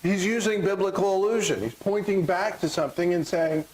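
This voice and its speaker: This middle-aged Texan pastor delivers his sermon fairly quickly with few pauses, his high-pitched voice joking and mimicking members of the crowd. The church sanctuary recording is low quality, with a little hiss or hum.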